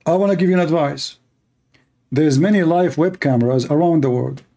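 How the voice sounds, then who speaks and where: A man's voice: a little high, brisk, warm tone. A man answering viewer questions in a casual monologue, sarcastic and mocking, speaking English with non-native grammar. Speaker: online commentator answering questions.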